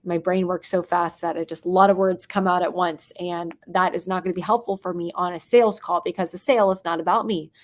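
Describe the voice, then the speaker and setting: A young adult woman coaching on sales tonality, talking quickly and dropping into whispers or bright bursts to show different tones. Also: fairly low pitch, fairly even intonation. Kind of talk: teaching sales tonality to a live chat audience.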